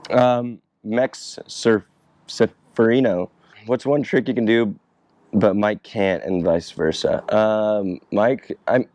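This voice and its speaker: A young man with a lowish voice talks through fan questions in a relaxed, rambling way, peppering his speech with swearing and frequent laughter. The sound is close and dry, with little room around it. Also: dry recording. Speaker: skateboarder answering fan questions. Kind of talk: casual chat.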